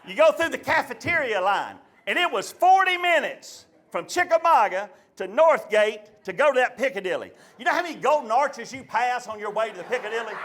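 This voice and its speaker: High, bright Southern comedian spinning a yarn. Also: male voice, brisk, hardly any pauses. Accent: Southern American. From Chattanooga area, US. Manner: animated, folksy, punchy storytelling. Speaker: stand-up comedian. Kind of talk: stand-up storytelling. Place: live comedy stage.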